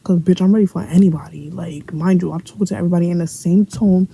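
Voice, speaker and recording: Gravelly-voiced young New York woman vlogging. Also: lowish voice, fairly even intonation, quick pace, warm tone, poor audio. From Brooklyn, New York. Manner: blunt, profane and joking, acts out the other people's lines. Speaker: vlogger telling a story. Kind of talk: casual storytime monologue.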